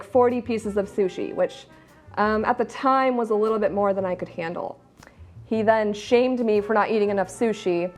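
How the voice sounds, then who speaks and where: A woman telling a story in a chatty, amused way. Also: fairly high pitch. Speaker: interviewee.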